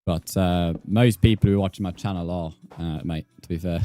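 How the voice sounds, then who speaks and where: A man's voice: deep voice, steady tone, fairly quick, mellow. A British man chatting casually while livestreaming a game, swearing freely and muttering counts under his breath. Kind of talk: casual gaming livestream chat.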